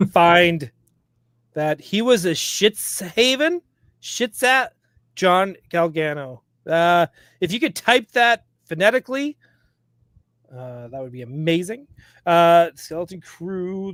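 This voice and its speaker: Guy cohosting a chill podcast, high voice, laughs a lot, dry close sound. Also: a bit bright, no echo. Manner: laughs often, reads entries aloud haltingly. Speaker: podcast co-host. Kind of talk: casual chat while browsing a wiki.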